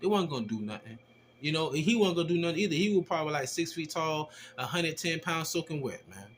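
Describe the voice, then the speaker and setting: A man casually telling a personal testimony, animated and slangy, with rough language as he acts out the exchanges he describes. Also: on the high side, fast talker, slight background noise. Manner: animated, slangy and profane, acting out quoted exchanges. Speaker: storyteller giving a personal testimony.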